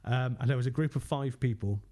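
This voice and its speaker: Chatting casually on a podcast, a ghost hunter recounts his stories with energy, often laughing and dramatizing what people said. He speaks briskly in a medium register.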